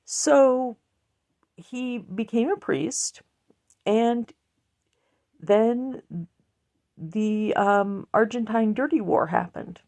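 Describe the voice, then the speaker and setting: A woman's voice: a little high, extremely slow, pauses often, darkish tone. A woman giving a blunt, earnest personal monologue that rambles and restarts. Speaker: online commentator.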